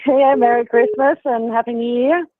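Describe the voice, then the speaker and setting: A woman's voice: a little high, fairly even intonation, normal speed, no echo. A woman from Australia with an Australian accent, calling in to a show and chatting casually, laughing often. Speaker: caller. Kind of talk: casual phone call. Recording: tinny phone line.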